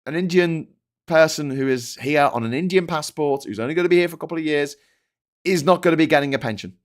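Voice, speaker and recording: A man's voice: a little high, quick pace. A man hosting a livestreamed news show, ranting in exasperation about the day's stories and reading out viewer chats.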